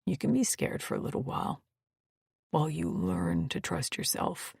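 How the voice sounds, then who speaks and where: A woman voicing a fierce, scarred male alien warrior with a low growling manner in an audiobook. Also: big pitch swings, normal speed, creaky, a little mellow, husky, no room sound, clean studio sound, exaggerated voice. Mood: soft, reassuring. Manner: low growling voice, gritted teeth. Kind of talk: audiobook character voice.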